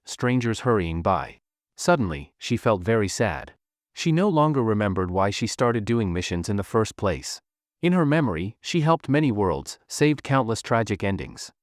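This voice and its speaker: A man's voice: fairly low pitch, big pitch swings, moderate pace, no room sound, clean studio sound. A man narrating a recap of a web comic in a dramatic storytelling manner.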